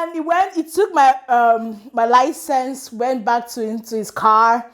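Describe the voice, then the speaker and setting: A woman's voice: a little high, moderate pace. A woman in her thirties with a Nigerian English accent, chatting casually and animatedly to camera as she tells a personal story. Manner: animated, chatty, laughs at herself. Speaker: vlogger.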